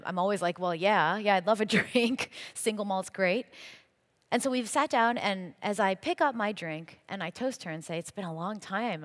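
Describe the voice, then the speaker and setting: A woman speaking as a guest at a church event, telling her faith stories earnestly and acting out the voices of the people in them. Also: medium pitch. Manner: earnest storytelling, acting out quoted dialogue. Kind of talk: faith testimony talk. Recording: long hall reverb.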